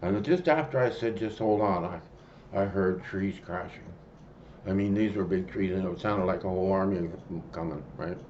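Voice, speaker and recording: A man telling a personal story in a rambling, halting way, full of fillers and restarts. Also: low-pitched, a little mellow, lo-fi sound, slight background noise. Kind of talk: casual spoken storytelling.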